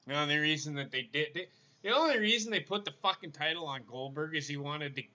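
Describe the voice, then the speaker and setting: Blunt, profane man, bright voice. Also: fairly high pitch, expressive, fast talker, muffled recording. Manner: blunt and profane, stammers when starting a point. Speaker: podcast host. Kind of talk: casual wrestling chat.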